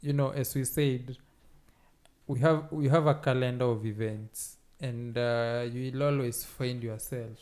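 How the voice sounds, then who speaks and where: Relaxed man, mid-pitched voice. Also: a little slow. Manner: relaxed, lists events, fills gaps with "uh". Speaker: podcast co-host. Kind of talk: casual chat.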